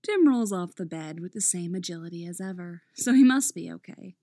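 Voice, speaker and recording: A woman narrating a story aloud in an expressive, playful manner. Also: on the low side, a little fast, no echo, studio quality. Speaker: reader. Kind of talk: audiobook narration of fan fiction.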